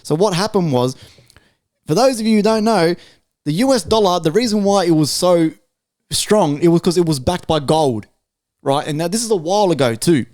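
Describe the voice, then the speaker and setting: A man's voice: high-pitched, expressive, normal speed, a little mellow. Laughing, foul-mouthed young man. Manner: swears constantly, laughs through his stories. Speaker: podcast co-host. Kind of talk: casual chat.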